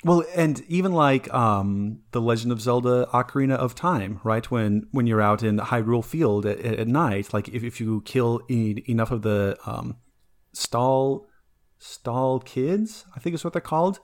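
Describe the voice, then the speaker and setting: Dude rambling casually on a podcast, lots of likes and ums, mid pitch. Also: male voice, normal speed, hardly any pauses. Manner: rambling, many fillers and restarts. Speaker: podcast co-host presenting folklore. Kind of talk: casual chat.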